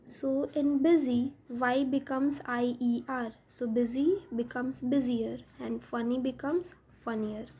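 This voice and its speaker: Slow, husky-voiced woman teaching grammar. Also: sits high, dark tone. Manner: slow, step-by-step explaining, spelling out letters. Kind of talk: explaining a grammar lesson.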